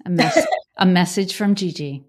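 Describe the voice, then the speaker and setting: A woman's voice: fairly low pitch, normal speed. A woman hosting an interview podcast, upbeat and effusive in her praise. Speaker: podcast host.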